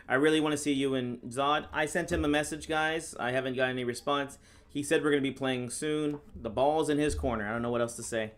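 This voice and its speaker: Deadpan sarcastic chess streamer, a man. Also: medium pitch. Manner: casual, deadpan sarcastic, reads chat questions aloud and answers them. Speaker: chess streamer and National Master. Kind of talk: live-stream commentary while playing.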